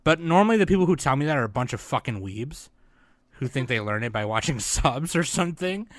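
A man's voice: mid-range voice, very animated, brisk, no echo. A young man co-hosting a podcast, chatting in a loose, rambling and profane way. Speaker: podcast co-host. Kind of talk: casual chat.

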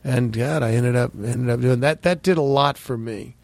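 A middle-aged man at a mid-range pitch tells stories on a close, dry mic with no room sound around him. He talks casually and often repeats his words in little stammers. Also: moderate pace, vocal fry, a little mellow, no room sound. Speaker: actor guest. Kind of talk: casual conversational storytelling.

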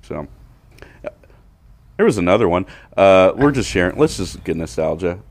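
A man with a St. Louis accent, a comedian guest telling stories on a casual podcast, bursting into shouted impressions and laughter. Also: deep voice, very animated, normal speed, dry recording.

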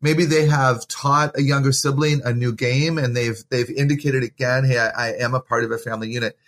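A man's voice: mid-range voice, fairly even intonation, fairly quick. Earnest encouraging man giving parenting advice. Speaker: parenting author and guest. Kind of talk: conversational podcast interview.

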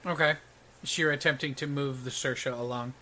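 A man's voice: mid-range voice, steady tone, moderate pace, sharp tone, a little hiss or hum. A man narrating as game master of a tabletop game, describing the action with frequent ums.

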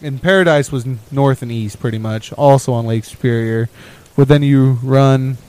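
A man's voice: medium pitch, moderate pace, smooth, low-quality recording. Rambling young man telling a trip story. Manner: rambling, laughing, trailing off quietly at phrase ends. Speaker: podcast co-host. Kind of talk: casual storytelling chat.

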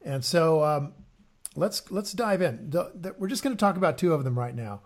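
A podcast co-host chats casually on an investing show, repeating words and using fillers as he explains things. His voice is on the high side with lively intonation and a moderate pace.

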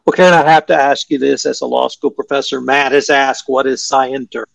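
A man with a Texan accent hosting a podcast roundtable, putting measured questions to his guests. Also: medium pitch, fairly even intonation, vocal fry, no echo, far from the mic. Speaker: podcast host.

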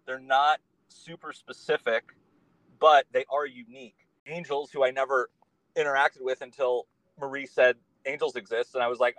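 A man's voice: mid-range voice, fairly even intonation, moderate pace, fairly bright tone, no room sound, rough recording. A man, a guest on a podcast, talking in a casual conversation and telling his story in an earnest, meandering way.

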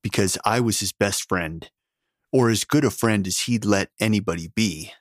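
A loyal young man who pleads in an urgent, hushed voice, as voiced by a male narrator. The voice sits low, and the close, dry recording keeps it intimate. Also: moderate pace, no room sound, natural voice. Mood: pleading, urgent.

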